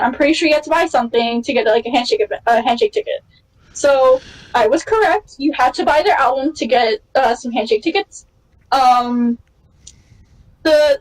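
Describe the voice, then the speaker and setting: A woman with a high voice hosts a casual podcast. She tells stories excitedly and jumps even higher in pitch when she acts out other people's lines. Her chat is loose and chatty. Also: poor audio. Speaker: podcast host.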